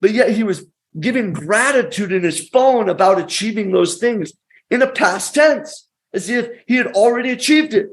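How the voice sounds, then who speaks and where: A man with a fairly high voice tells a story as a podcast guest. He pushes his points hard and fast, with punchy motivational phrasing that swings up and down. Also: expressive. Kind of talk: conversational storytelling.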